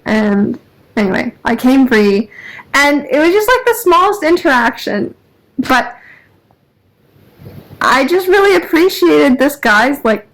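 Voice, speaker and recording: A woman's voice: high-pitched, very animated, unhurried, pauses often, a bit bright, low-quality recording. A woman talking casually to the camera while sitting in her car, rambling through a story with lots of fillers and little laughs. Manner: chatty, laughs often, rambling with many fillers. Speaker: vlogger. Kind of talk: casual vlog chat. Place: in a parked car.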